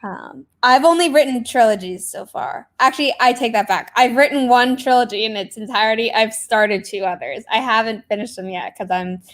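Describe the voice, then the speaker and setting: A woman's voice: on the high side, moderate pace, few pauses, fairly bright tone. A young woman hosting a casual writing livestream, chatty, greeting viewers with lots of fillers. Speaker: livestream host. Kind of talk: casual chat on a writing sprint stream.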